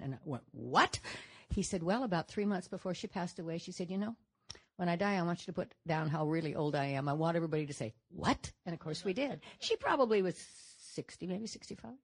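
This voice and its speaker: An older woman from Nevada, a guest answering audience questions on a stage, telling stories in a chatty, animated way. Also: on the low side, fast, breathy edge. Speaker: panel guest actress. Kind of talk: audience Q&A chat.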